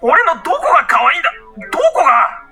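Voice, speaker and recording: A man's voice: extremely high pitch, big pitch swings, racing, bright, forceful tone, heavily acted. An actor voicing a touchy, devoted young rabbit-eared man in a dating game, blunt and insistent. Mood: indignant. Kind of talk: dubbed dating-game voice acting. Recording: game audio with faint music. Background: faint game music.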